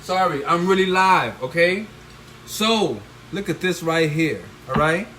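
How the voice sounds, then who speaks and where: Hosting a cooking stream from his own kitchen, this middle-aged chef holds his phone and guides viewers at a measured pace, his expressive voice sitting on the high side. He keeps adding "all right?" or "okay?" to his lines and lets out loud whoops now and then. Kitchen sounds and the sizzle of frying fill the background.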